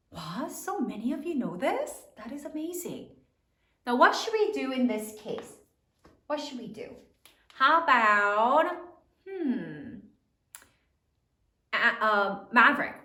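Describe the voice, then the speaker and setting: A woman teacher leading a spelling lesson, slowly sounding out words letter by letter for young pupils. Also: on the high side, bright, forceful tone. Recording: echoey room, mic at a distance.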